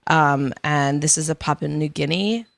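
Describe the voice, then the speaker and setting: A woman's voice: low voice, normal speed, gravelly, dry recording. A woman guest on a podcast in a studio, chatting casually and candidly. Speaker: guest, ice cream maker. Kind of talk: casual chat.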